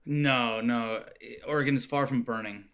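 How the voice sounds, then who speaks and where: A man's voice: mid-range voice, fairly even intonation, moderate pace, fairly bright tone. A middle-aged man chatting casually as a podcast guest, rambling with frequent restarts and fillers. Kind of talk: casual interview chat. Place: Oregon home.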